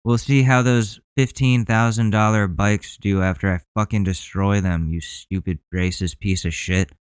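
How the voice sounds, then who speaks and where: A man's voice: on the low side, steady tone, normal speed, smooth, no room sound. A male podcast host ranting heatedly in profane commentary.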